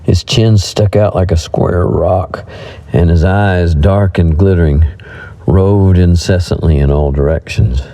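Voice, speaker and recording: A man narrating a western audiobook in a measured, deliberate way. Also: deep voice, fairly even intonation, warm tone, low-quality recording.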